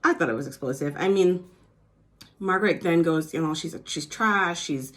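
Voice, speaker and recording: A woman's voice: low-pitched, moderate pace. A woman chatting casually as she recaps a reality TV episode, full of "like" and "you know", now and then acting out cast members in a mock New Jersey accent.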